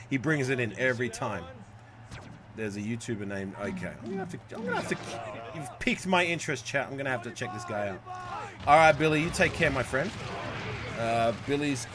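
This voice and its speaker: A man streaming a football video game live, chatting with viewers and swearing and shouting at plays. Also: mid-range voice. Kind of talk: live gameplay commentary.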